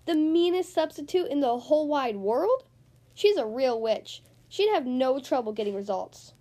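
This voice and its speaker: A woman voicing excited schoolkids in a high, eager voice in a storybook reading. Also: moderate pace.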